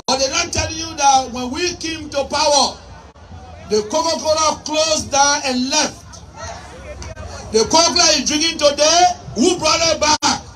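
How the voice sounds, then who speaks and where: A woman with a Liberian English accent giving a fiery campaign speech, shouting and firing off repeated rhetorical questions. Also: high-pitched, a little slow. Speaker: politician. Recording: distant mic with faint crowd and noise.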